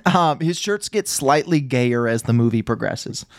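A man's voice: medium pitch, lively intonation, measured pace, no echo, clean studio sound. A man recapping a movie in casual podcast chat, rambling and sarcastic, with lots of fillers.

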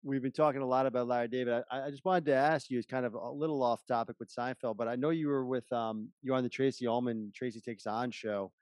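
A man co-hosting an interview podcast talks quickly, with eager interjections and questions. His voice sounds dry and close. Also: mid-range voice, steady tone, darkish tone, no room sound. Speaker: podcast co-host. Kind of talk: casual interview.

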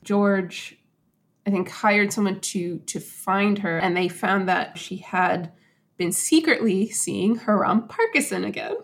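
A woman casually retelling a true story to a co-host, animated and acting out quotes in little voices. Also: medium pitch, slow pace. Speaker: podcast host.

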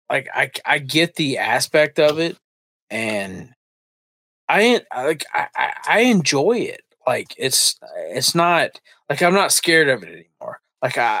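A man's voice: medium pitch, fairly bright tone, dry recording. A man co-hosting a podcast, telling a work story in a rambling, profane way with many restarts. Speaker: podcast co-host. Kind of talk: casual podcast chat.

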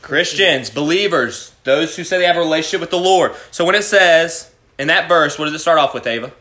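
Man, youth Bible teacher, high voice, preaching, calls on students, roomy echo. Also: a little fast, bright, forceful tone. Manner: preachy, asks the group questions, calls on students by name. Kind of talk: youth Bible study lesson. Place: room with a student group. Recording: echoey room.

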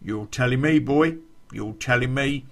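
A man voicing a cocky, self-important local hard man who talks in a slow drawl. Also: mid-range voice, fairly bright tone. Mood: smug.

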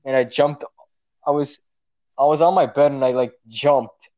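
A man's voice: medium pitch, moderate pace, no echo, highs cut off. A teenage boy chatting on a casual podcast, telling a story with lots of energy and some swearing. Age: teens. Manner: animated storytelling, swears often. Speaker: podcast co-host. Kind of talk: casual chat.

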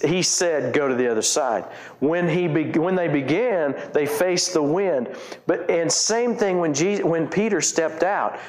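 A man's voice: a little high, roomy sound. A pastor preaching a conversational sermon, retelling scripture in his own words with frequent restarts.

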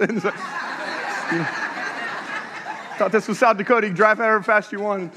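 A man's voice: high-pitched, fast, long pauses, sharp tone. A man preaching a sermon as pastor, telling funny stories and throwing questions out to the congregation. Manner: humorous, storytelling, engages the audience with questions. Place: church sanctuary. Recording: echoey church hall.

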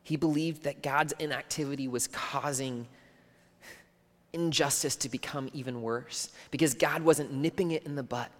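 A man preaching a sermon in an earnest, conversational way, his voice sitting a little higher than most men's. He sometimes sinks almost to a whisper. A long reverb from a big hall trails after his words. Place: church hall.

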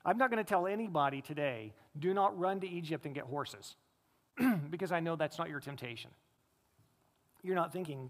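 High-voiced preaching man in a reverberant hall. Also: moderate pace, pauses often. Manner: emphatic preaching, swings between loud rises and low, quiet stresses. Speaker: pastor. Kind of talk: sermon. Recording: long reverb of a large hall.

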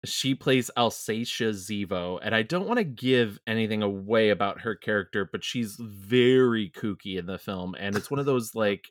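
A man chatting as a podcast guest, animated, laughing often and restarting his sentences. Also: fairly low pitch, moderate pace, few pauses, no room sound. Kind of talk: casual chat.

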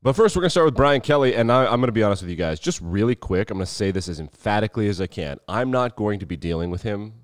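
A man's voice: lowish voice, expressive, fast, hardly any pauses, no room sound, clean studio sound. A man from the Rocky Mountain region hosting a sports podcast in chatty, sarcastic, emphatic casual talk. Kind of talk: casual solo podcast chat.

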